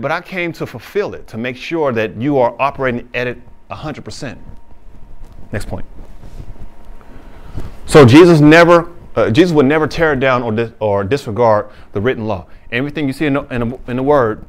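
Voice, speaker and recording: A male pastor preaching a sermon, reading scripture slowly and then explaining it in casual, plain talk. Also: mid-range voice, lively intonation. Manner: casual informal phrasing.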